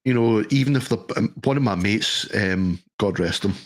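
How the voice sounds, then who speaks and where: A middle-aged man talks in a fairly low voice. He chats casually, swearing and telling jokey anecdotes. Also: moderate pace. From Scotland. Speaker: podcast co-host. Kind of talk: casual chat.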